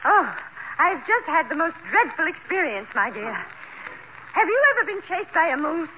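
An eccentric, grand society matron in a 1940s radio comedy, prim and affected. Her voice is high and swoops widely. The broadcast sound is dull and faintly hissy. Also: big pitch swings, measured pace, full character voice. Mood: genteel.

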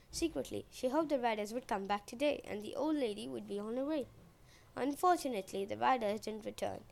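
A woman's voice: fairly high pitch, gravelly, a little mellow. A woman podcast host retelling a myth in a playful, wry way.

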